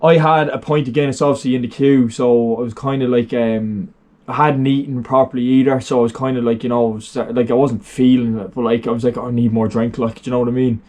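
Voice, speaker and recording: A man's voice: mid-range voice, fairly even intonation, brisk, a little mellow. A young Irish man telling a story in a casual, rambling way, full of fillers and swearing. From Ireland. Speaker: vlogger.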